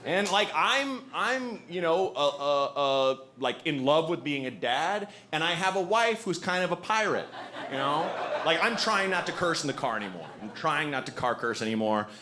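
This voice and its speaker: A man in his forties performs a stand-up set on a club stage, telling stories in an animated way and slipping into the voices of the people in them. His voice sits a little high. The live recording carries clear audience noise around him. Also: moderate pace. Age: 40s. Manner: animated storytelling, acts out quoted voices, swears freely. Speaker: stand-up comedian. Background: audience laughter.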